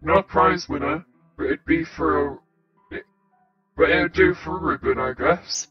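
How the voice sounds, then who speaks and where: A woman's voice: sits low, measured pace, husky, dull audio, faint music behind. A woman voicing a creepy old countryman who drawls in a thick rural dialect. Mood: drawling.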